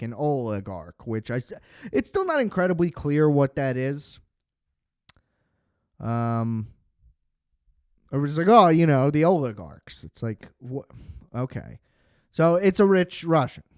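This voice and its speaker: Smooth-voiced man rambling through a review. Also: mid-range voice, darkish tone, dry recording, studio quality. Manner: rambling, profane, filler-heavy. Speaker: film reviewer. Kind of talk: casual spoken movie review.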